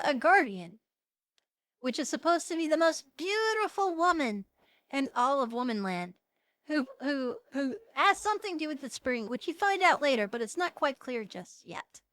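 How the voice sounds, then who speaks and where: A high-pitched woman talking casually as a streamer, walking her audience through a film. She is chatty and incredulous, with frequent laughter. Her fillers and restarts give it a loose, unscripted feel. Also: fairly bright tone, dry recording. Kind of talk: casual movie recap.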